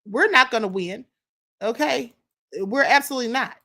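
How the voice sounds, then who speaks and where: Woman, stream host, reacting to clips, reading chat, opinionated, slightly high voice. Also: moderate pace, vocal fry, sharp tone. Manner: opinionated, conversational, reads viewer comments aloud. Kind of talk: casual commentary on clips and chat.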